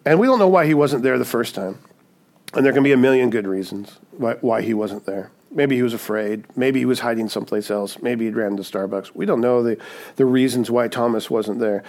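A man's voice: mid-range voice, normal speed, a little mellow. Conversational male pastor preaching. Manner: conversational, often checks in with "right?"; humorous asides. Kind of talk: sermon.

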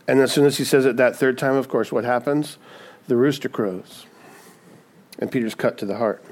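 A man's voice: fairly high pitch, fairly quick. A man preaching a sermon, often asking "right?" and acting out the people he quotes. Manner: acts out quoted voices, frequent "right?". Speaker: pastor.

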